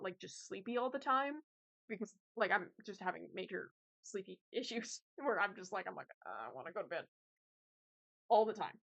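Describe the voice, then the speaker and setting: With a mid-range, fairly bright voice, a young streamer rambles to her audience, laughing often and filling gaps with filler words. It's relaxed, casual talk. The recording is lo-fi and a bit muffled.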